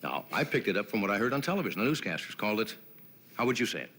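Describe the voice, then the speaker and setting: A man's voice: on the low side, big pitch swings, rapid-fire, fairly bright tone, a little hiss or hum. A man hosting a late-night talk show, delivering a comedy monologue with wry jokes and chatty asides to his sidekick in a TV studio. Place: TV studio with live audience.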